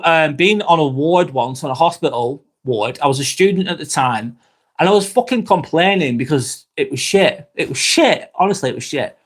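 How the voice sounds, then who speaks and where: A young man with a broad Lancashire accent talks casually on a live stream, reading viewers' comments and answering them. His voice sits a little high for a man, and his chat is loose and full of swearing. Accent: Lancashire English. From Northwest England. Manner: chatty and swears freely. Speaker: live vlog host.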